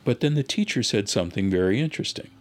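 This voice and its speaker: Man, deep low voice, interviewee, relaxed storytelling, casual asides. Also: quick pace. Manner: reflective, conversational, with frequent "you know" asides. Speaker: linguist interviewee. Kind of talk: recounting a personal story.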